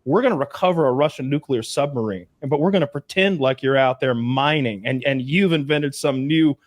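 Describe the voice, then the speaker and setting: A man's voice: medium pitch, brisk, no echo. A man co-hosting a podcast, telling a rambling story in casual chat. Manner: rambling storyteller, puts on mocking voices. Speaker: podcast co-host.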